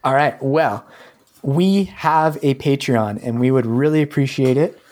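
A man's voice: medium pitch, measured pace, darkish tone. Easygoing podcast co-host man. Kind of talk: casual chat.

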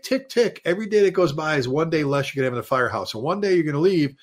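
A man, a fire chief guest on a show, telling stories in an animated, casual way with many restarts and repeated words. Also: on the high side. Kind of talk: casual storytelling.

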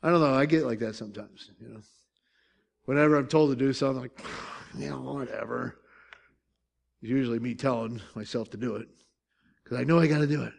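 A man's voice: medium pitch, fast talker, vocal fry. A man pastor preaching a sermon in a conversational way, with joking asides and questions to the congregation.

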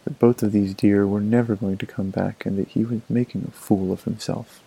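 A male storyteller reads a folk tale in a measured, expressive way. His voice sits low, with a dark, mellow tone and a husky grain. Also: low-quality recording. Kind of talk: storybook narration.

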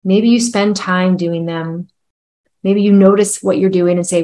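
A woman guiding a breathwork meditation with calm, soft, unhurried instructions. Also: medium pitch. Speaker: breathwork guide.

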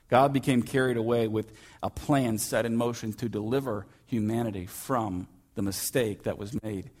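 A man preaching a sermon in a church as the pastor, in a relaxed storytelling manner with frequent fillers. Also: mid-range voice.

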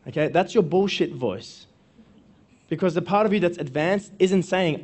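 A man's voice: high voice, normal speed, a little mellow. Man coaching a live seminar audience. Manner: conversational, keeps checking in with "okay?", repeats phrases. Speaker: workshop speaker and coach.

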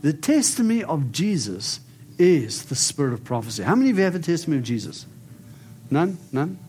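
Very animated and brisk, a man with a fairly high, slightly mellow voice preaches and prophesies over his congregation, making emphatic declarations and coaxing them to respond.

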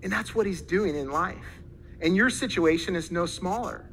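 A man preaching as a pastor, telling a story and acting out the people in it with lively quoted voices. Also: high-pitched, moderate pace, a little hiss or hum, rough recording. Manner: animated, acts out quoted voices. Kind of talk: sermon storytelling.

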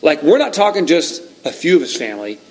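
A man preaching a sermon, reading scripture and retelling it with lively, acted-out lines. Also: fairly high pitch, fairly quick, rough recording. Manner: animated storytelling, reads scripture aloud, acts out shouts. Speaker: pastor.

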